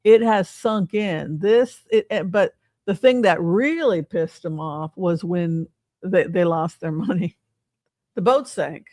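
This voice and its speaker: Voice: mid-range voice, slow pace, a little mellow, no echo. Older tarot reader just chatting, rambly and sarcastic, cusses a lot, dry close sound. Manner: rambling, sarcastic, swears freely. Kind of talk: casual tarot reading chat.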